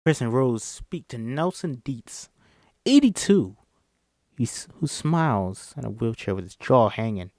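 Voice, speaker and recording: A man's voice: mid-range voice, sing-song, a little slow, darkish tone, no room sound, studio quality. A man reading a screenplay aloud by himself, voicing every part, stumbling over words now and then. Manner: reads all parts himself, stumbling at times. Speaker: script reader. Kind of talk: solo script read-through.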